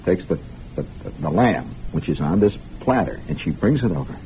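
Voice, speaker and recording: A man with a low, dark voice and lively intonation tells a long improvised tale on the radio, moving a little fast. He confides in his audience with mock gravity, heard through the hiss of a lo-fi 1960s broadcast.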